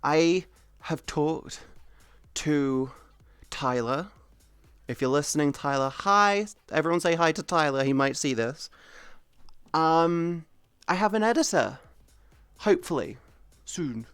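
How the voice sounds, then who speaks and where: A young woman chatting casually to her stream audience, expressive and excitable, swearing freely. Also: low voice, slow pace, clear, resonant tone, no room sound, faint music behind. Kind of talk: casual live-stream chat.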